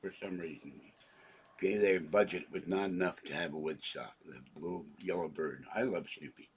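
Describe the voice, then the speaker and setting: A man's voice: low-pitched, moderate pace, husky. A man in his seventies rambling through a home vlog, joking and interrupting himself as he goes. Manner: rambling, jokey, self-interrupting. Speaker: channel owner.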